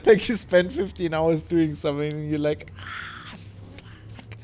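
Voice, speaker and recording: A tipsy man rambling through a casual stream chat, laughing often and swearing freely. His voice sits a little higher than most men's, with faint room ambience behind it. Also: normal speed, a little mellow, a little hiss or hum. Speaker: live streamer.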